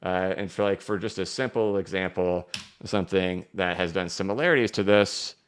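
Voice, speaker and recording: A man with a clear, resonant, low-pitched voice runs a live crypto market stream. With energetic, emphatic, rapid delivery, he talks through the charts and handles viewer questions as he reads them.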